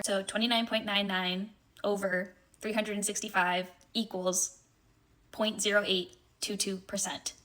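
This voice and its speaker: A woman's voice: mid-range voice, sharp tone, rough recording. A thirty-year-old woman talking to camera, confused and exasperated as she explains. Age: 30s. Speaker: social media poster. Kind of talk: casual talk to camera.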